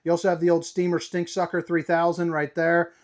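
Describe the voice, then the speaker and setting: A man's voice: fairly high pitch, monotone, a little fast. A man hosting a casual walkthrough tour inside a travel trailer, upbeat and playful with slangy asides. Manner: upbeat, playful, slangy, calls viewers baby. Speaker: RV tour host.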